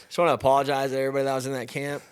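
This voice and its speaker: A man hosts a casual podcast in fast, joking banter full of swearing. His words come quickly at an ordinary pitch. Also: level tone, smooth. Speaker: podcast host. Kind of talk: casual chat.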